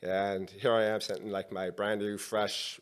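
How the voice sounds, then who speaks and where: Middle-aged male podcast guest, lowish voice, animated storyteller who acts out the dialogue. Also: moderate pace, clear, resonant tone.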